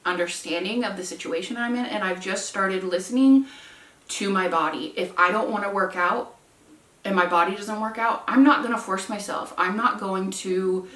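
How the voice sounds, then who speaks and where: A woman's voice: mid-range voice, moderate pace, fairly bright tone. A woman in her twenties talking earnestly and openly in a personal home vlog. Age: 20s. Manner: earnest, heartfelt and self-reflective. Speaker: vlogger. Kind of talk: candid personal vlog chat. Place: room at home with candles lit. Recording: echoey room, mic at a distance.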